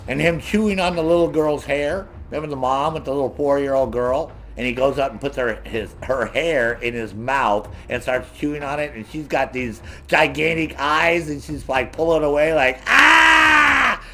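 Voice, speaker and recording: A man's voice: mid-range voice, normal speed, few pauses, fairly bright tone. A man streaming a video game and ranting in heavy profanity while he plays, laughing often. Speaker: gaming streamer. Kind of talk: casual gameplay commentary.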